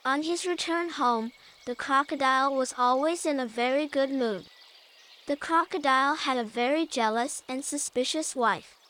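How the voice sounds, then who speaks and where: Gentle, high-voiced woman storyteller. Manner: slow, gentle and measured. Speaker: storyteller and podcast host. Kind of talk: reading a children's story.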